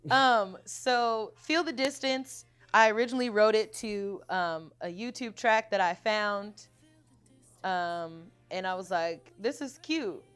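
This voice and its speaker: A young adult woman singer-songwriter in a casual interview, telling stories with frequent laughter and reading her own lyrics aloud softly. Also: mid-range voice, slow, clean tone, faint music behind. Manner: animated storytelling, laughs often.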